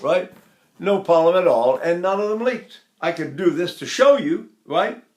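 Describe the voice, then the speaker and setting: An older man gives a vocal technique lesson, and his speaking voice sits high for a man. He is animated and demonstrative, often jumping into sung or exaggerated spoken examples as he explains. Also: normal speed. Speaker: voice teacher.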